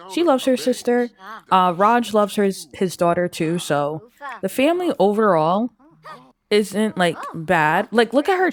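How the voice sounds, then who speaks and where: A woman giving casual gameplay commentary as a gaming YouTuber, chatty and rambling with many "like"s. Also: medium pitch.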